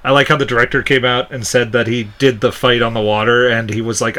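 A man co-hosting a movie podcast in casual, rambling chat, quick to laugh. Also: medium pitch, flat delivery, a bit bright. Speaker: podcast co-host.

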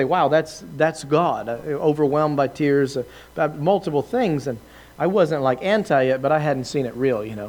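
A man preaching a lively testimony, telling his story with laughs and acted-out quotes to a live audience. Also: fairly high pitch. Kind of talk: sermon testimony.

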